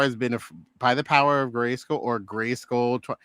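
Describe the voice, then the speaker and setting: Middle-aged man, co-host, bright forceful voice, enthusiastic, acts out lines. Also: medium pitch, fairly even intonation, moderate pace, smooth, no room sound, clean studio sound. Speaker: podcast co-host. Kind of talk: casual movie review chat.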